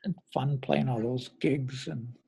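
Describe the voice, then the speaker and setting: A man's voice: mid-range voice, measured pace, vocal fry, dark tone, husky. A middle-aged man, a drummer being interviewed, telling rambling stories in a casual way and often correcting himself. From American Midwest. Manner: rambling, self-correcting anecdotes with acted quotes.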